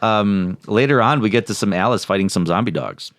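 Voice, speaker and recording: Lower-voiced man recapping a movie. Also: a little fast, dry recording, clean studio sound. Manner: animated, recaps plot and mimics lines with laughs. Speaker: podcast co-host. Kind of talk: casual movie discussion.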